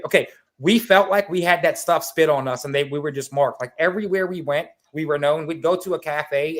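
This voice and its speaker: Calling in remotely with that familiar video-chat sound, a podcast guest with a slightly higher voice energetically tells a story in casual conversation. He rambles along, swearing and stacking up filler words.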